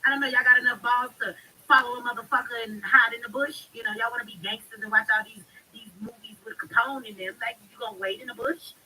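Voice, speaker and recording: A woman's voice: fairly high pitch, fairly even intonation, fast talker, pushed and bright, slight background noise, rough recording. A woman hosting a live stream, talking bluntly and emphatically in a heated monologue. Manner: blunt, emphatic, speaks with heavy profanity.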